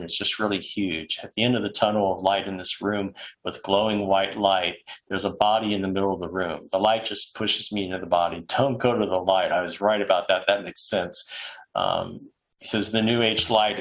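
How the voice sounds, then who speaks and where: Man, lowish voice, casual reader of quoted accounts, lots of ums and restarts. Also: moderate pace, fairly bright tone, low-quality recording. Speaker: presenter reading case accounts. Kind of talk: casual reading aloud from books.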